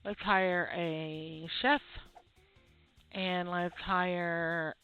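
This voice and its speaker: A woman's voice: fairly low pitch, fairly even intonation, extremely slow. Laid-back woman half asleep narrating her game, thin lo-fi audio. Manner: drowsy, laid-back, chatty. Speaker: gameplay video host. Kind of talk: relaxed gameplay commentary. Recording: tinny phone-like audio with faint game music.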